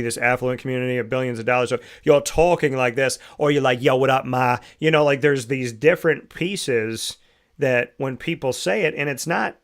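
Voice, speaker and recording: A man's voice: medium pitch, creaky. Reflective male show host. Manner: reflective, coaxing with rhetorical questions. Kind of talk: motivational monologue.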